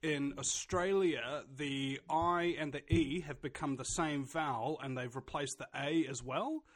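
Blunt New Zealand man, slightly high voice. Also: fairly even intonation, unhurried. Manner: opinionated, blunt, with many restarts. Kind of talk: casual conversation.

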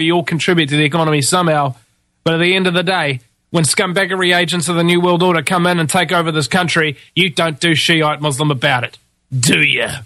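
Kiwi man, ranting commentator, sharp forceful tone, dry close sound, mocking and scornful. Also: no echo. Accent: New Zealand. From New Zealand. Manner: scornful, mocking, swings from low mutter to high shouts. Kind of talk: ranting monologue.

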